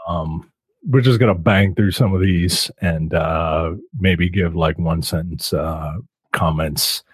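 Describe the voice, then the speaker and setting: A man's voice: low-pitched, steady tone, slow pace, breathy edge, dry recording. A man co-hosting a podcast in casual chat, rambling and swearing. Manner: rambling, swears, acts out quotes. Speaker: podcast co-host.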